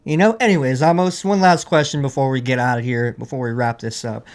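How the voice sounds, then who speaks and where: Man, podcast host, casual chat, teasing, mid pitch. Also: fairly even intonation, fairly quick. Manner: joking, teasing, rambling questions.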